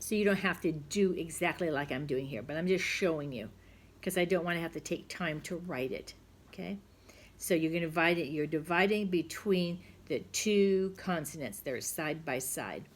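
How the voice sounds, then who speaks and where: A middle-aged woman, a second-grade teacher, walking young children through a phonics lesson with patient step-by-step explanations and frequent check-ins. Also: fairly low pitch.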